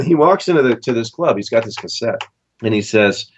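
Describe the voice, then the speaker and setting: A man's voice: moderate pace, dull audio, slight background noise. A man from Southern California, a session musician, telling long casual stories in an interview and acting out the voices of people he quotes. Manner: animated storyteller, acts out quoted voices with big pitch jumps.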